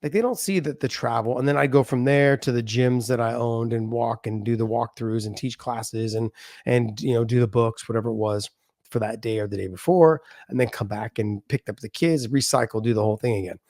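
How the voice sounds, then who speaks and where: A man's voice: mid-range voice, brisk, a little mellow, no echo, clean studio sound. A middle-aged man in a casual interview, explaining his views earnestly and with everyday examples. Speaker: podcast guest, former fighter. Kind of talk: casual conversation.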